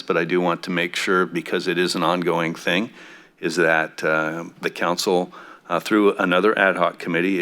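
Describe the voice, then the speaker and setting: A man on a city council giving remarks at a public meeting, speaking haltingly with many fillers, his voice a bit throaty. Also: low voice, fairly bright tone. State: throaty coffee voice.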